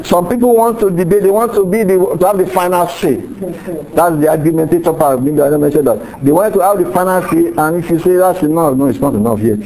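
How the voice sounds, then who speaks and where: A man's voice: a little high, fairly quick, warm tone, poor audio. A middle-aged man preaching a sermon in a conversational way, acting out little quoted exchanges as he teaches. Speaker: pastor.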